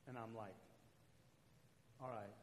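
A man preaching a sermon as pastor, swinging between loud calls to the church and quiet asides. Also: lowish voice, fairly even intonation, slow pace, slight background noise. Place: church sanctuary. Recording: echoey church hall.

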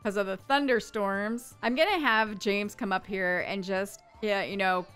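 A woman with a bright, smooth voice talks through her life-sim gameplay in a casual, chatty way. She narrates what her characters do and slips into playful voices for them, over faint background music. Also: medium pitch, a little slow. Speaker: gaming YouTuber.

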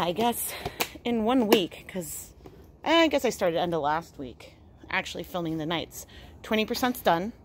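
A woman's voice: fairly low pitch, slight background noise. Woman, home vlogger, candid chatty delivery. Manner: chatty, candid, frequently laughing. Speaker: yarn dyer and vlogger. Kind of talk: casual vlog. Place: home studio and garage.

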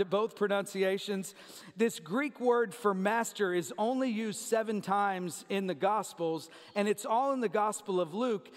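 A man preaching a sermon in a conversational way, speaking to the congregation in a church sanctuary. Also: high-pitched. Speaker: pastor. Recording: long church reverb.

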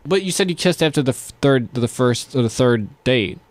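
A man's voice: mid-range voice, lively intonation, moderate pace. A man hosting a podcast in casual chat, teasing his guest and rambling through restarted questions. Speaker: podcast host. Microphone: studio mic.

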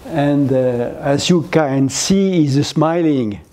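An older man from France with a French accent, giving a gallery lecture in halting English, full of fillers and restarts. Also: a little high, warm tone. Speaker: guest lecturer. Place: lecture hall, seated.

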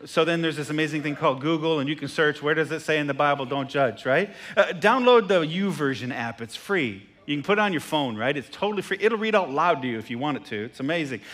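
A man preaching a sermon as pastor, animated and jokey, who repeats phrases and asks the congregation questions. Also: fairly high pitch, fast talker, few pauses. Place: church sanctuary.

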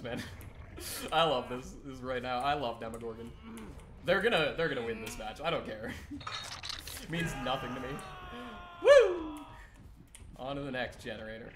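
A man talking through his gameplay in a loose, teasing way, his pitch leaping all over the place when he jokes. His voice sits in a roomy space. A steady layer of noise runs behind him. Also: fairly quick. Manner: playful, chatty, teasing, squeals up high when goofing around. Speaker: gaming streamer. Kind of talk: gameplay commentary. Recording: roomy sound with audible background noise.

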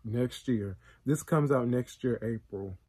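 Husky guy reacting to a trailer, gets all excited and emotional, lots of slang, just chatting. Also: medium pitch, a little slow. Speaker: reaction video host. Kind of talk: casual reaction commentary.

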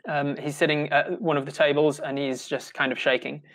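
New Zealand male game master, halting unscripted narration, slightly high voice. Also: little pitch movement, a loud crowd. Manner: halting, full of ums and restarts.

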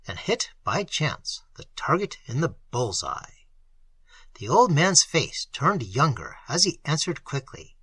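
A hoarse audiobook reader narrating a classic novel in an expressive, dramatic manner. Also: medium pitch, unhurried, dry recording, poor audio.

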